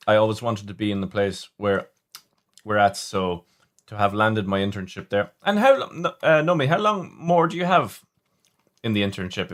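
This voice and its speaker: A man's voice: on the low side, a bit bright. A man hosting a livestream, chatting casually and rambling as he reads viewer comments. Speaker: livestream host.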